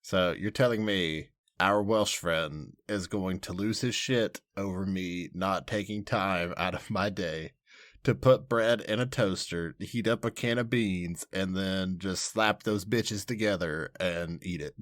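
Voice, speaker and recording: A man's voice: low voice, measured pace, a bit bright, no echo, clean studio sound. A man co-hosting a podcast, chatting casually in a wry, blunt, amused way. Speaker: podcast co-host.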